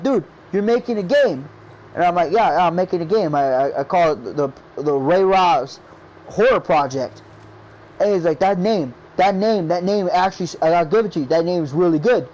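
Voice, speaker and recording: Guy with a pretty high voice rambling about his game build, lots of "i was like". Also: expressive, normal speed, a little mellow, low-quality recording. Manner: rambling, repeats "I was like" and quotes friends. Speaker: game creator. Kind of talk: casual storytelling.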